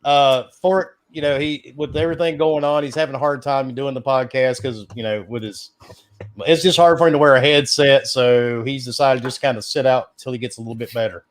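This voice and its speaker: A man's voice: medium pitch, fairly even intonation, fairly quick. A man with a Southern American accent hosting a podcast on a headset, introducing the panel with rowdy jokes. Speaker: podcast host. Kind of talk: casual chat.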